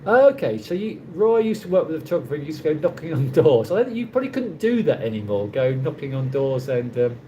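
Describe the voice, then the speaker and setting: A man's voice: fairly high pitch, very animated, quick pace, hardly any pauses, dark tone, a little hiss or hum, rough recording. A middle-aged man with a London accent, chatting casually on a livestream and reading viewer comments, rambling with many restarts. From London, England. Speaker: livestream host.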